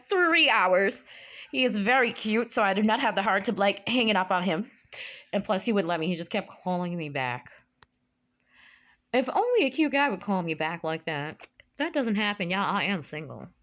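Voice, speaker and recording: A young woman telling a story in a casual vlog, animated, jumping up high for quoted lines, recorded on a phone. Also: muffled recording. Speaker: vlogger. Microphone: phone camera.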